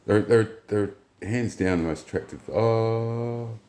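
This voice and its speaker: A man's voice: lowish voice, takes it slowly, roomy sound. A man telling a rambling, blunt, profane story in casual monologue. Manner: blunt, profane, rambling, retells dialogue in flat quotes. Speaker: vlogger.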